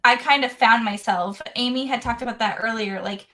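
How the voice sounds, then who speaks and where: A woman hosting a casual podcast chat, talking candidly and excitedly, swearing casually. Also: fairly high pitch, brisk. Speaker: podcast host.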